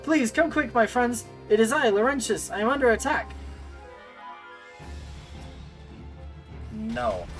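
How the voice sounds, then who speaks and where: A man's voice: extremely high pitch, voice pushed up, low-quality recording. A man reading aloud and voicing a treacherous male guard from a game, who is nervous at first and sneering later. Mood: panicked. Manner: panicky yelps turning to bitter gloating.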